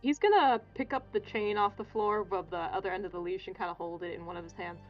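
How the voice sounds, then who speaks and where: A woman's voice: medium pitch, faint music behind. Casual woman player on a dull line. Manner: casual, halting, with fillers. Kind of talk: describing actions in a tabletop game.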